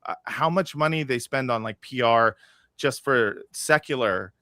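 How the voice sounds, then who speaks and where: A man's voice: medium pitch, unhurried, pushed and bright, dry recording, clean studio sound. A man talking as a podcast guest, rambling and stop-start. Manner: rambling, many fillers and restarts. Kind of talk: casual political chat.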